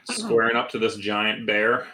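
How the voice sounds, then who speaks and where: A man narrating as game master in a tabletop game, relaxed and descriptive, laughing easily at the players. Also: fairly low pitch, unhurried, background noise. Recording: echoey room.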